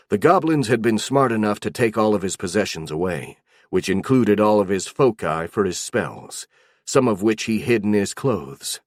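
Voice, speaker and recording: Low-voiced male audiobook narrator. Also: no room sound, studio quality. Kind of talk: scripted fantasy narration.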